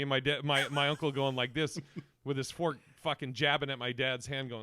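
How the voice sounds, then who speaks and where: A man hosting a casual comedy podcast, telling stories in an animated way, laughing and swearing. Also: fairly high pitch, normal speed. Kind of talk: casual chat, storytelling.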